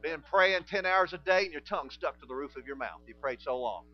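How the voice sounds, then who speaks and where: A man preaching a sermon, telling stories and acting out conversations in quieter voices. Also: a little high, fairly quick, muffled recording, a little hiss or hum. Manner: animated storytelling, acting out dialogue in quiet voices.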